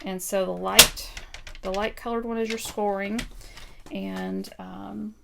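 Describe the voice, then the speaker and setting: Gravelly-voiced woman doing a live craft tutorial, lots of ums, noisy stream audio. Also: mid-range voice, fairly even intonation, slow, pushed and bright. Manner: chatty, thinking aloud with many ums. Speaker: card-making demonstrator.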